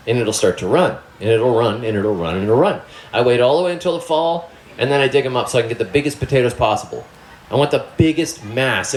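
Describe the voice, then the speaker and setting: A man's voice: mid-range voice, roomy sound, a little hiss or hum. Joking man giving a gardening talk. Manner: loose, joking, conversational. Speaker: gardening presenter. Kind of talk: live talk to an audience. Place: room with a live audience.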